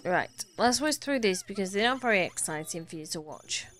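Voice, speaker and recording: A woman's voice: medium pitch, expressive, fairly quick, fairly bright tone, faint music behind. Chatty woman playing a life sim. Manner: chatty, talks fondly to her game characters. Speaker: gaming YouTuber. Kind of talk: casual Let's Play commentary.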